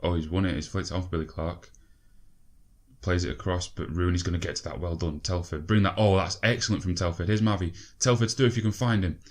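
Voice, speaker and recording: A young man commentating on his own football management game, excitable, swearing and urging his players on. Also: sits low, brisk. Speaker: gaming video creator.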